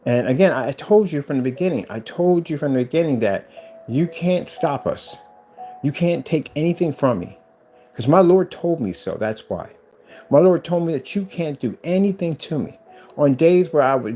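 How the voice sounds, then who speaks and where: A man giving a fast, excited walkthrough of his studio build, then turning to fervent religious exhortation. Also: fairly high pitch, soft background music. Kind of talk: excited casual vlog, then preaching.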